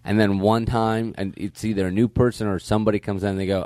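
A man's voice: on the low side, flat delivery, a little mellow, dry recording, clean studio sound. Man telling a rambling comic story. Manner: rambling, halting, lots of restarts. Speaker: podcast co-host. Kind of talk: casual comedic banter.

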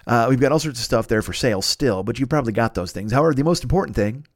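A man's voice: medium pitch, no echo, clean studio sound. A man hosting a podcast, rambling and ranting with plenty of swearing and restarts as he plugs other shows. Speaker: podcast host. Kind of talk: casual podcast plug.

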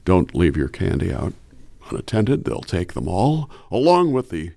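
A man's voice: low voice, big pitch swings, normal speed, creaky, dark tone, no room sound, clean studio sound, heavily acted. A man doing a solemn, earnest caped crusader. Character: earnest square-jawed male caped crusader. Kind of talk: comic voice impression.

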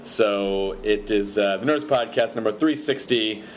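A man's voice: on the low side, a little slow. A man hosting a podcast, reading plugs and sponsor ads in a loose, joking way, often correcting himself. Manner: rambling, self-correcting, joking. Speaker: podcast host. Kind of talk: casual podcast intro and ad read.

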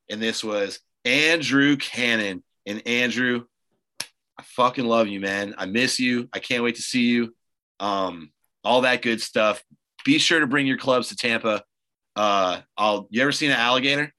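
Bright-voiced laid-back male podcast host. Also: medium pitch, measured pace, rough recording. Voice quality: loose, rambling storyteller with many fillers. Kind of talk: casual chat.

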